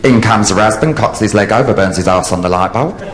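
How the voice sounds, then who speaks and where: A man in drag, telling bawdy stand-up jokes on a theatre stage with brash, lively delivery. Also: on the low side, fairly quick. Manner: brash, lively storytelling with sudden loud outbursts. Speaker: drag comedian. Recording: live theatre audience, faint hiss.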